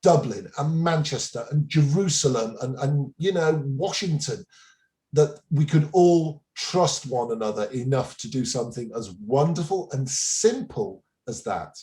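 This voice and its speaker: A man in his fifties, a guest on a talk show, telling a story in a relaxed, chuckling way with frequent restarts. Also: medium pitch, a little slow. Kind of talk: casual interview anecdote.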